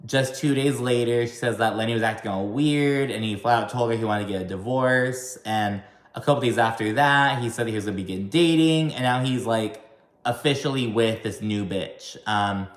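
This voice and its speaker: A chatty man recapping reality TV, swearing freely and filling his talk with "like". His voice sits at an ordinary middle pitch. The room around him is roomy and echoey. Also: normal speed. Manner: chatty, profane, heavy use of "like". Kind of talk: casual recap commentary.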